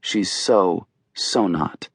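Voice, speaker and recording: Low-voiced man narrating an audiobook. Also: drawn-out words, breathy edge, no echo, clean studio sound. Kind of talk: scripted narration.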